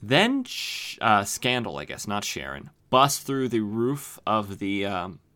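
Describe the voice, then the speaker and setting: A man with a fairly low voice recapping old comic books in a loose, conversational podcast style. He rambles and leans heavily on fillers as he tells the plot. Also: big pitch swings, takes it slowly, bright, forceful tone. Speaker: podcast host. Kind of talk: casual comic book recap.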